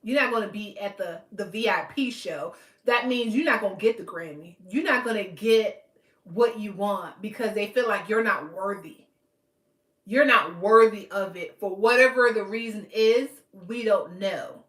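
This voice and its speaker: A woman's voice: mid-range voice, normal speed, a bit bright. A woman hosting a podcast, talking bluntly and emphatically in casual commentary, lecturing her listeners. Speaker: podcast host. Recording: echoey room.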